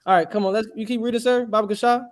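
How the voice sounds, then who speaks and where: A man's voice: sits high, steady tone, racing, background noise. A man preaching a street sermon in an emphatic, questioning way, throwing rhetorical questions at his listeners.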